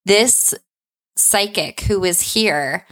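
A woman's voice: medium pitch, drawn-out words, fairly bright tone. A woman telling a personal anecdote in a casual, chatty way, often adding "like" and "right?". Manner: chatty, tags lines with "like" and "right?". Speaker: storyteller.

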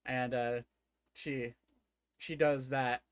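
A young man narrating a tabletop game as game master at home, with halting speech full of fillers. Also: mid-range voice, fairly even intonation, clean tone, no echo. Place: home, at a computer.

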